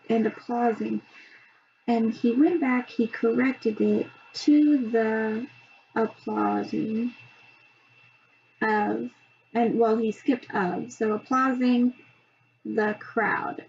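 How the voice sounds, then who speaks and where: A woman presenting a reading assessment, talking slowly with many pauses and ums. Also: a little high. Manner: slow, hesitant, many ums. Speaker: student presenter. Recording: dull lo-fi sound, faint background hum.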